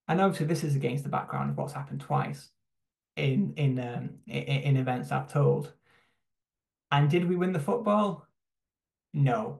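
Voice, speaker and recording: A young man speaks on a video call, his voice gravelly with a touch of fry. He talks in a reflective, halting way, full of fillers and restarts. The sound carries a roomy echo from the space he is in. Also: mid-range voice. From United Kingdom. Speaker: church human rights team member. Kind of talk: personal testimony talk on a video call.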